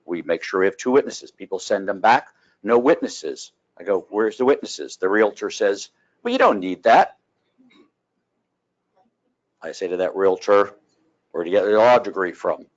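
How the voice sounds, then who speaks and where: Throat-clearing man lecturing in lo-fi audio. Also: fairly low pitch, lively intonation, normal speed, long pauses. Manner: frequent throat clearing, folksy storytelling. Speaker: real estate attorney teaching a class. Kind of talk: continuing education lecture.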